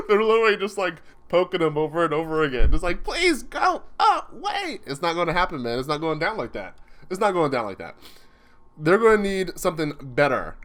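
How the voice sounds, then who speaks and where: A young man excitedly commenting live as he reads a comic chapter, chatty and laughing often. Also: fairly high pitch. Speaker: streamer reacting to a manga chapter.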